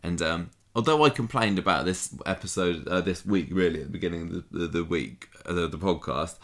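A man with a low, deep voice chats casually as a podcast co-host. He recaps with a loose, laughing manner, often slipping into little quoted voices. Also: a little fast, hardly any pauses, fairly bright tone. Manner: chatty, laughing, acting out quotes. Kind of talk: casual chat recapping a soap.

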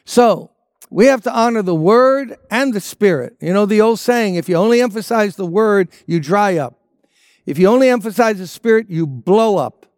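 A man's voice: high-pitched, animated, normal speed, darkish tone, no room sound, studio quality. A man preaching a sermon as a pastor, emphatic and repeating his key phrases.

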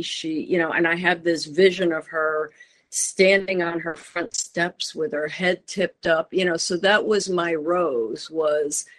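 A woman, an author who narrated her own audiobook, talking in a casual interview with an animated storytelling manner. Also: fairly low pitch.

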